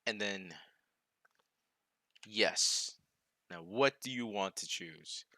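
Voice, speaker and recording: A man's voice: on the low side, extremely slow, pushed and bright, no echo, studio quality. A young man hosting a casual live coding stream, talking to himself as he works, scattered and self-mocking, laughing at his own mistakes.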